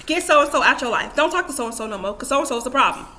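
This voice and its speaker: A woman's voice: sits high, lively intonation, quick pace, bright, forceful tone, soft background music. A young adult woman giving casual, emphatic advice to camera in a vlog, repeating her points and talking to herself. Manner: repetitive, emphatic, self-talk asides. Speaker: vlogger.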